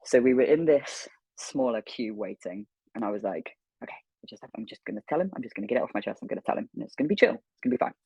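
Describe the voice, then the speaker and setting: Brief: man, guest on an interview stream, husky mid-pitched voice, animated storyteller who swears casually. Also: rapid-fire, few pauses, no echo, low-quality recording. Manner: animated, swears freely, acts out quoted dialogue. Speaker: guest voice actor. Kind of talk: storytelling anecdote.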